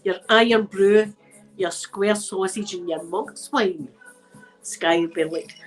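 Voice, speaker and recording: Her voice is mid-range and slow, picked up on a low-quality recording with faint music in the background. She's a Scottish ASMR channel host having a rambling, laughter-filled chat with viewers on a home livestream, all while stuck with a blocked nose.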